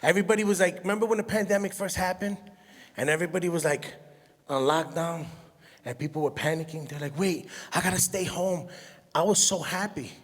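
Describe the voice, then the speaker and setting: A man, doing an animated, self-mocking stand-up comedy set and laughing at his own jokes. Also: fairly high pitch, quick pace. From Brooklyn, New York. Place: large hall on stage. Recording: echoey hall sound.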